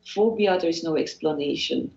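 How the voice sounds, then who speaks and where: A Swiss-accented woman with a fairly low voice speaks as a guest in an interview, earnest and encouraging. She often restarts her sentences and repeats phrases. The recording is dull and lo-fi with a roomy echo. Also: moderate pace, creaky, darkish tone. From Switzerland. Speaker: guest, hypnotherapist. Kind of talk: motivational interview talk.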